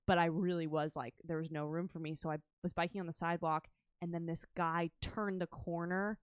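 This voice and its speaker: A woman with a lowish voice chats casually, laughing at her own reckless moments and trailing off mid-sentence. The sound is dry and close, with no room around it. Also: little pitch movement, a little fast, clean tone, dry recording. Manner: self-deprecating storyteller, trails off. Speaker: comedy co-host. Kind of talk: casual comedic chat.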